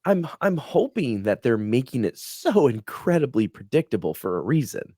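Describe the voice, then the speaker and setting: A man's voice: mid-range voice, sing-song, moderate pace, warm tone, no room sound, studio quality. Laid-back man chatting on a podcast. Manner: laid-back, hesitant with fillers, mimics voices. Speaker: podcast co-host. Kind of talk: casual chat.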